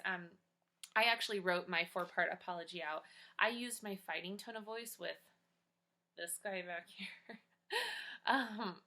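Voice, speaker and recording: A woman teacher records a daily check-in for kids from home, chatty and upbeat as she encourages them. Her voice is crisp and sharp, at an ordinary middle pitch. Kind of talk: video lesson for kids.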